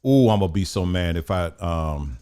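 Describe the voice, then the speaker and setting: A man's voice: sits low, expressive, normal speed, warm tone, clear, resonant tone. A middle-aged man hosting a casual news commentary show, rambling, muttering to himself and laughing often. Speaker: host.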